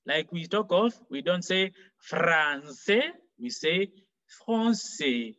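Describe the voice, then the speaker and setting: A man teaching a French lesson for exam preparation, explaining slowly and repeating example phrases. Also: sits high, a bit bright, muffled recording. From Kenya. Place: online class.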